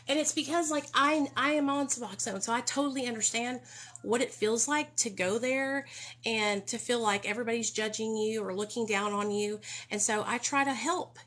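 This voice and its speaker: A woman's voice: a little high, a bit bright. A young adult woman chatting casually on a live stream, talking emphatically and defensively, reading viewer comments. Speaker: vlogger on recovery.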